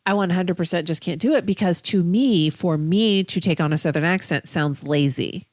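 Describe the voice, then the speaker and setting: Casting note: lower-pitched Midwestern woman co-host, blunt and wisecracking, dry close mic. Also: moderate pace, no echo. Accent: Midwestern American. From Ohio. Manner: blunt and joking, swears freely. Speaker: podcast co-host. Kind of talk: casual chat.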